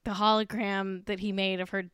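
A woman's voice: medium pitch, flat delivery, moderate pace, fairly bright tone, clear, resonant tone, dry recording, clean studio sound. Tipsy, giggly woman gossip podcaster. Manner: profane, giggly, gossipy, heavy use of "like". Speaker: podcast host. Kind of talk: casual celebrity gossip podcast chat.

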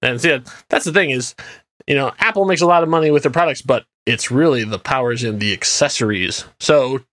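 A man co-hosting a casual movie commentary chat, animated and laughing often, with lots of fillers. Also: medium pitch, brisk. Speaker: podcast co-host.

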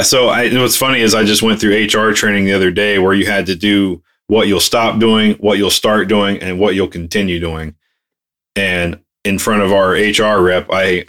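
A man co-hosting a podcast, chatting casually and laughing often. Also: low-pitched. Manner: animated, laughs often, quotes in put-on voices. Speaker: podcast co-host. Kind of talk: casual chat.

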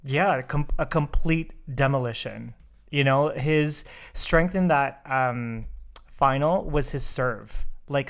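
Sassy, emphatic male podcast co-host. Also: mid-range voice. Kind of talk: casual chat.

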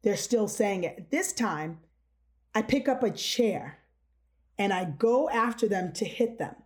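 This podcast host, a middle-aged woman, speaks unhurriedly in a mid-range voice with lively intonation and a slightly mellow quality. She's frankly telling a childhood tale in an easygoing chat, voicing the quotes.

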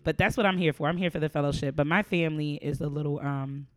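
A young man co-hosting a casual podcast, joking and teasing with quick wisecracks. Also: a little high, steady tone, a bit bright, a little hiss or hum. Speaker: podcast co-host.

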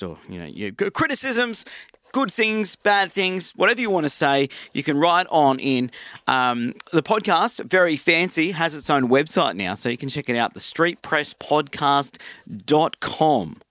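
Chatty Australian podcast host, dry sound. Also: male voice, on the high side, unhurried, no echo. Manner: chatty, relaxed, many ums. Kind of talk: casual podcast chat.

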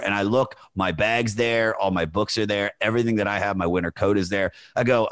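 A comedian chatting casually on a podcast, telling a rambling, animated anecdote full of fillers. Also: male voice, on the low side, brisk, few pauses, no echo. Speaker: comedian guest. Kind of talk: casual storytelling chat.

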